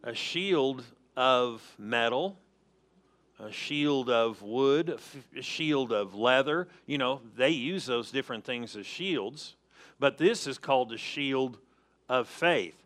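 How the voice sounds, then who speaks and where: Slow, emphatic preacher with a bright voice. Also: male voice, medium pitch, expressive. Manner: emphatic preaching with call-and-response to the congregation; slow and deliberate, repeats key phrases. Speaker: pastor. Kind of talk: sermon.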